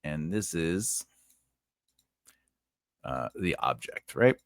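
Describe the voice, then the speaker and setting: Male writing teacher, loose unscripted lesson, slow and wandering, lively pitch. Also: no room sound. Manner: rambling, self-correcting, checks in with "right?". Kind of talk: casual whiteboard lesson.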